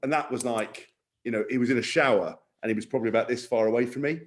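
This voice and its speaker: A man co-hosting a podcast, telling stories in casual chat, animated and sweary. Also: mid-range voice, quick pace. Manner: animated, swearing, acting out quotes. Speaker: podcast co-host.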